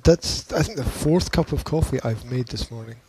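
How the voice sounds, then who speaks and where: A man's voice: mid-range voice, normal speed, darkish tone, husky, no room sound. A man co-hosting a podcast in casual chat, rambling and teasing, with many restarts and laughs. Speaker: podcast co-host.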